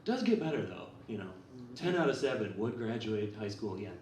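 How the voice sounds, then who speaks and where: A man's voice: lowish voice, sing-song, brisk, very noisy. Young man with dry self-deprecating jokes. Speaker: open mic comedian. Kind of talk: stand-up set. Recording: echoey room, far mic, audience.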